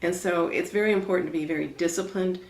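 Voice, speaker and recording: A woman guest on a podcast, a spiritual counselor, answering questions in a measured, explanatory way. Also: fairly low pitch, steady tone, vocal fry. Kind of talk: conversational interview. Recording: roomy echo.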